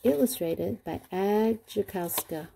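A woman's voice: mid-range voice, vocal fry, mellow, a little hiss or hum. A woman teacher reading a picture book aloud to children and asking them questions as she goes. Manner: asks children questions, slow and patient.

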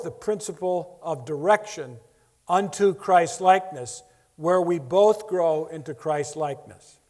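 Male preacher, higher voice, emphatic lecturing with wry asides. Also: darkish tone. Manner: emphatic, joking teacherly delivery with stressed key words. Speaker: Bible lecture speaker. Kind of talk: lecture sermon. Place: large lecture hall. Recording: echoey auditorium reverb.

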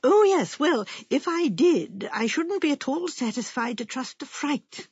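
A woman voicing a gentle elderly spinster who speaks mildly and rambles a little. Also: high voice, expressive, unhurried, no echo, pitched above the performer's own voice. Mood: musing. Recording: muffled lo-fi.

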